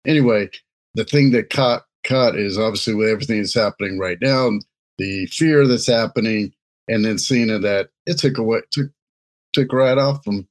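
A man's voice: lowish voice, moderate pace. A man co-hosting a casual chat, laid-back and rambling, joking between points. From Louisiana. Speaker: co-host. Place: Nebraska.

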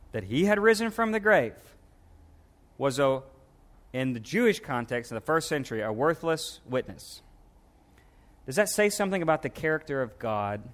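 Middle-aged male pastor, fairly high voice, conversational sermon delivery with asides and acted-out quotes. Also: fairly bright tone. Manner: conversational preaching, rhetorical questions, acts out quotes.

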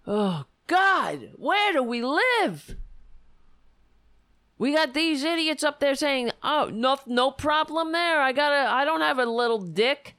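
A woman's voice: high-pitched, lively intonation, takes it slowly, fairly bright tone, no echo, clean studio sound, pitched above the performer's own voice, exaggerated voice. A woman voicing a blubbering, beer-loving middle-aged male judge who whines and blusters between sobs. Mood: blustering. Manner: whiny, sobbing, blustering.

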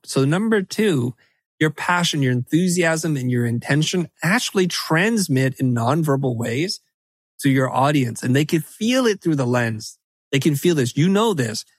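A middle-aged man talking as a podcast guest in an animated, emphatic way, often breaking into quick quoted asides. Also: fairly high pitch, dry recording. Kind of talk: animated conversational podcast talk.

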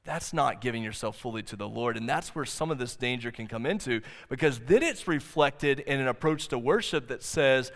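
A man preaching a sermon as pastor, earnest, slowing down to stress key points. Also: mid-range voice, expressive, fairly bright tone. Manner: earnest preaching, slows for emphasis. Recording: long hall reverb.

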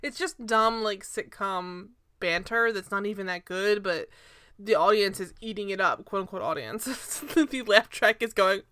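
In clean studio sound with no echo, a young female co-host speaks unhurriedly in a mid-range voice. She chats animatedly about a sitcom, laughing frequently and rambling off on side topics.

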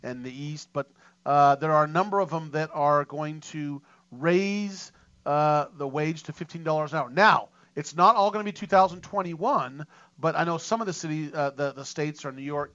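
A man hosting a talk radio show, rambling and excitable with many fillers. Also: a little high, smooth, dull audio.

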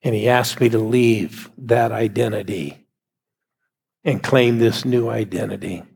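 A man's voice: on the low side, fairly even intonation, a little slow, vocal fry, darkish tone, husky. A male pastor preaching a sermon and leading the congregation in prayer they repeat after him.

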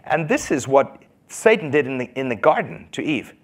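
Male pastor, lively and animated sermon delivery that speeds up in bursts. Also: medium pitch, slightly rough. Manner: animated, asks the congregation questions, quick bursts. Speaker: preacher.

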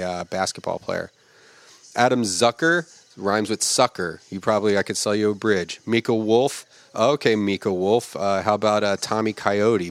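A man with a lowish voice roasts names from film credits one after another. He drawls out each name, then rattles off crude, mocking insults full of profanity. The sound is close and dry, with no room around it. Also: no echo. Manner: reads names slowly, then fires off jokes fast. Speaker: podcast host.

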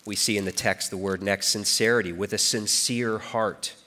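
Animated male preacher giving a sermon. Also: fairly low pitch, moderate pace. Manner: animated storytelling, voice rising and falling for emphasis. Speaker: pastor.

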